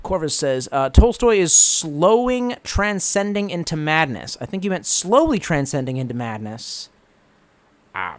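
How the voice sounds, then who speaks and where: Sarcastic, lively-voiced young man. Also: medium pitch. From Washington DC metro area, US. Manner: profane, sarcastic, rambling. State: getting drunk. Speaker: streamer reading chat. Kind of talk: casual live-stream chat.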